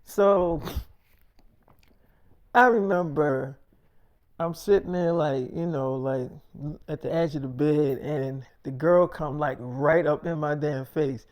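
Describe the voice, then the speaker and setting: A man's voice: fairly high pitch, takes it slowly, pauses often, highs cut off. Rambling, cursing male storyteller. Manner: rambling, profane, boastful. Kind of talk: casual storytelling.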